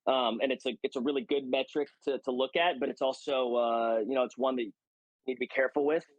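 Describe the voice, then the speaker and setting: A man's voice: mid-range voice, fairly even intonation, fast, dry recording, dull audio. A man speaking as a guest hitting coach, emphatic and coach-like, with many restarts. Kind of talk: casual conversational interview.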